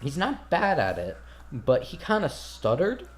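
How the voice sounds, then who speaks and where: A man's voice: a little high, huge pitch swings, measured pace. A man running a tabletop game as game master, narrating casually with many fillers and curses. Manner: casual, filler-heavy, profane.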